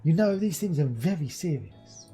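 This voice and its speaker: A woman's voice: low-pitched, animated, moderate pace, warm tone, breathy edge, faint music behind, full character voice. A woman voicing a doting older mother with an odd put-on accent, fussing and calling her child dear and love. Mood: concerned. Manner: fussy, soothing, calls everyone dear and love.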